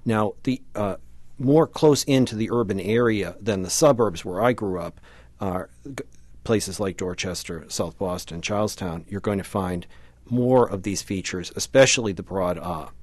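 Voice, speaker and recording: Male academic guest, low pitch, halting delivery, dry studio sound. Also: darkish tone, no echo. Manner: hesitant, many "uh" fillers. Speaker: linguistics professor. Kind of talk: explaining on a radio show.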